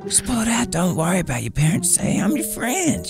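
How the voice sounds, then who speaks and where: Brief: loud man, improv comedy, slightly high voice. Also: fairly quick, vocal fry, over music. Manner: loud, excitable, shouting often. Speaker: comedy gamer. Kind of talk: improvised comedy role-play.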